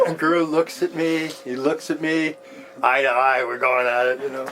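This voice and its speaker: A man in his sixties recounting a personal story in an interview, animated and often laughing as he talks. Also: medium pitch, normal speed, heavy background noise.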